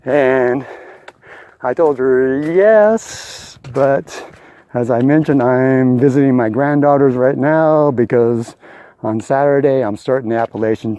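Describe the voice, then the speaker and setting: An older man talks to the camera while out on a mountain trail, stringing a story together with plenty of pauses. His voice is mellow and dark, at a middling pitch. The feel is a casual, unscripted hiking vlog. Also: smooth, dry recording. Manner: rambling storytelling with many uh fillers. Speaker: thru-hiker vlogger.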